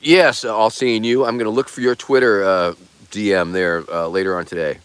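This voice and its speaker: A man's voice: fairly low pitch, fairly even intonation, normal speed, clear, resonant tone. A man hosting a casual livestream who rambles in a laid-back way and swears casually. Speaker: streamer host.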